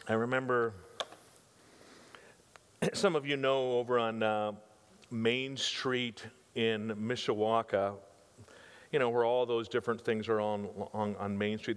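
A man's voice: medium pitch, clear, resonant tone. Older man, pastor, conversational sermon, emphatic repeats, rhetorical questions, long church-hall reverb.

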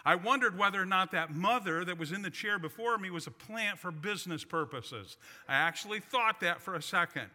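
Bright-voiced preacher in a reverberant hall. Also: male voice, high voice, lively intonation, fairly quick, few pauses. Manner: folksy, self-deprecating humor. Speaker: pastor. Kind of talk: sermon with personal storytelling. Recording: long reverb of a large hall.

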